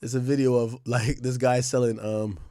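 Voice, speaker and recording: A young man, live-streaming a casual, profane, animated rant to his chat and breaking into loud outbursts. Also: medium pitch, normal speed, dry recording.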